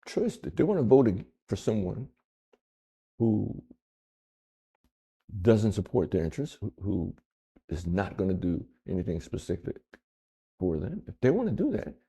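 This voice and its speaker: A man with a low, husky and gravelly voice gives video commentary. He speaks deliberately, posing pointed questions and repeating lines for emphasis. His tone is dark and his pitch moves a lot.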